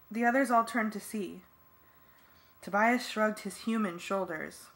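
A woman's voice: medium pitch, measured pace, a bit bright. A woman giving earnest first-person narration for a fan audiobook.

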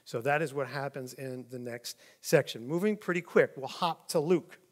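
A man teaching from the Bible in a relaxed, conversational way. He reads passages aloud and then explains them informally. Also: mid-range voice, normal speed. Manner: conversational, with frequent "like" and "kinda". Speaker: preacher.

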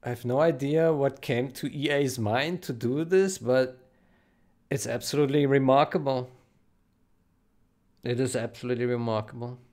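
A man with a gravelly, creaky voice at an ordinary middle pitch, talking casually and haltingly. He stumbles over his words and repeats phrases again and again, like someone overwhelmed with joy. It sounds like a quick, unscripted vlog recording. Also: a little mellow. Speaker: game modding developer.

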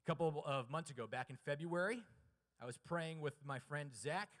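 A man delivering a chapel sermon, shifting from hushed, low passages to loud, high, emphatic preaching and calling on the audience to answer. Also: moderate pace, in a large hall. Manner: asks the audience questions and urges them to answer. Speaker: chapel speaker. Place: college chapel.

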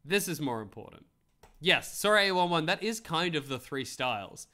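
A man's voice: fairly high pitch, animated, normal speed, bright, forceful tone. A man streaming casual commentary, reading how-to articles aloud with wry, rambling asides and replies to his chat.

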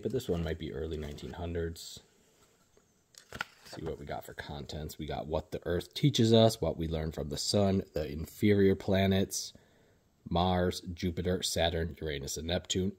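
With a low-pitched voice and a bit of hiss or hum in the audio, the man who sells books shows his latest finds on video. He's relaxed and unhurried, with frequent ums.

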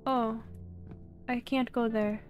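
A woman's voice: on the high side, steady tone, slow pace, soft background music. A young woman streaming a horror game, chatting playfully and breaking into mock-dramatic outbursts.

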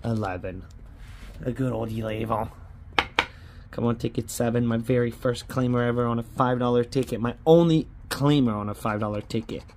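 A man's voice: medium pitch, moderate pace, a little mellow, slight background noise. A man hosting a casual vlog as he scratches lottery tickets, grumbling and often tacking "man" onto his sentences. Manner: frustrated, grumbling, repeats "man". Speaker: lottery scratch-off channel host.

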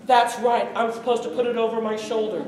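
A woman's voice: fairly high pitch, flat delivery, brisk, darkish tone, close to an everyday voice. Woman doing simple young Jack, earnest and puzzled. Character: naive young farmhand Jack, simple and obedient. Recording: echoey hall from far off.

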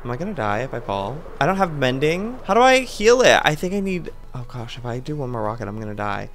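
A man giving lively, theatrical gameplay commentary as a channel host, talking to the game's creatures with mock outrage. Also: mid-range voice, fairly quick, slight background noise. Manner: animated, theatrical, talks to game mobs with mock outrage.

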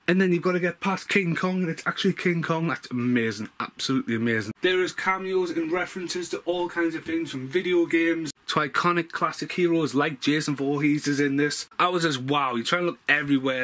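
A man giving an excitable, sweary movie review at home in a room full of film collectibles, saying wow again and again. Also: fairly high pitch. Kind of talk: casual excited vlog review.

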